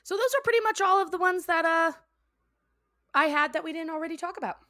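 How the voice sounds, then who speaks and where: A woman's voice: very high-pitched, quick pace, bright, forceful tone, no room sound, studio quality. A young woman co-hosting a podcast, chatting casually and giggling as she recaps a cartoon episode and acts out its lines. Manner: giggly, acts out quotes in character voices. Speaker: podcast co-host.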